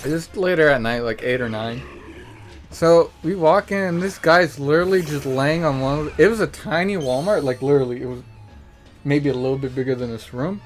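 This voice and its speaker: Profane, animated male podcast host. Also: fairly high pitch, brisk, faint music behind. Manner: profane, animated, acts out the people he quotes. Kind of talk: casual storytelling.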